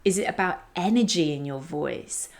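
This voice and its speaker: Woman with a lowish voice hosting. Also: moderate pace. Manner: expressive, demonstrates vocal techniques. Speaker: podcast host. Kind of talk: instructional podcast monologue.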